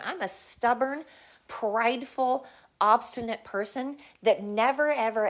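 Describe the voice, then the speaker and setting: A woman hosting her own podcast, delivering a heated, blunt, profane solo rant with emphatic repetition. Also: mid-range voice. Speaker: podcast host.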